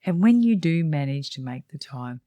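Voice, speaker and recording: A woman's voice: low voice, animated, moderate pace, mellow, dry recording. A woman salon coach reading her own book aloud, giving direct and emphatic advice. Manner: direct, emphatic, plain-spoken.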